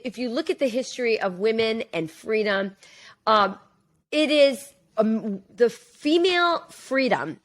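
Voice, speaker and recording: A woman's voice: mid-range voice, a bit bright. A middle-aged woman co-hosting a podcast, talking in long run-on sentences with many fillers. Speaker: podcast co-host. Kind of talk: casual political chat.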